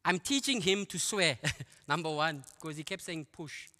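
A man's voice: fairly high pitch, background noise. South African man telling his testimony. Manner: storytelling, animated, with quick asides and laughs. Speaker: guest speaker giving testimony. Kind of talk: testimony at a church men's conference. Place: church auditorium. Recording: long hall reverb.

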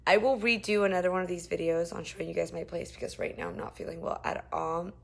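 A woman's voice: on the low side, steady tone, quick pace, vocal fry. Nauseous young woman live-streaming. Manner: chatty, drifting between loud outbursts and tired murmurs. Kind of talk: casual live-stream chat reading comments. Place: shared apartment.

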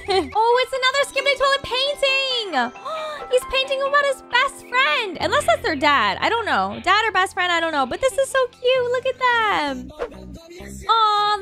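A young woman with a very high voice hosts a reaction video, gasping and gushing with quick exclamations as she comments on animations.

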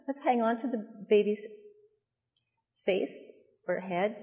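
A woman leading a mother and baby yoga class, giving gentle, soothing cues and cooing at the babies. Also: medium pitch, takes it slowly, in a large hall. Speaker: yoga instructor. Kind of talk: guided yoga class instruction.

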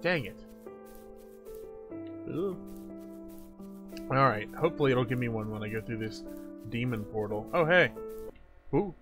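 A man's voice: medium pitch, animated, unhurried, long pauses. A man commenting on a horror shooter as he plays, reacting in jumpy exclamations and laughs. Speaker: gamer playing a horror shooter. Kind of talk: let's play commentary. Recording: game music playing behind.

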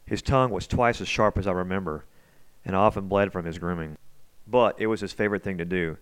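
Male documentary narrator, low voice, calm scripted voice-over. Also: a little hiss or hum. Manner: calm, measured storytelling. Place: voice-over, recorded apart from the outdoor footage.

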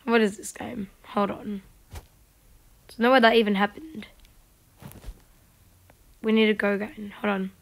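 A woman giving casual gameplay commentary, chatting to herself and mocking herself in quiet whispered asides. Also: medium pitch, steady tone, unhurried, gravelly, long pauses. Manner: chatty, talks to herself while playing. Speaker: gaming video creator.

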